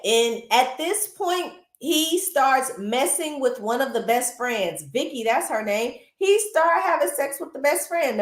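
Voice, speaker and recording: A woman hosting a casual movie recap, animated and chatty, with lots of asides to her viewers, recorded in a roomy space. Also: high voice. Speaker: film recap host. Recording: roomy echo.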